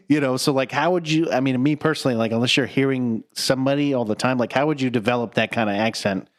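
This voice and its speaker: A man's voice: mid-range voice, fast talker. A man hosting a casual podcast chat, rambling with lots of fillers and casual swearing. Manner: rambling, heavy with fillers like "like" and "you know". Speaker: podcast host.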